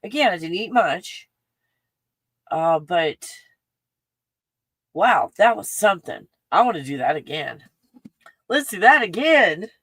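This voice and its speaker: A chatty woman with a Texan accent rambles excitedly through a casual livestream, her voice sitting fairly low. She piles on fillers as she talks. The sound is close and dry, with no room echo. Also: slow pace, long pauses, breathy edge. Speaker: livestream host. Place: home in the mountains.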